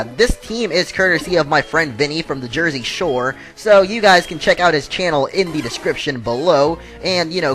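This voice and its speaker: A man gives casual playthrough commentary, wandering into asides with plenty of fillers. His voice sits a little high, with faint music underneath. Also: a bit bright. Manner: rambling, loose, lots of fillers and asides. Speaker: let's play host.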